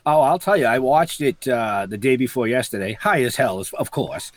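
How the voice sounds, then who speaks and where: A man's voice: medium pitch, expressive, moderate pace, no room sound. Teasing profane co-host man. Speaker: podcast co-host. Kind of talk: casual podcast chat.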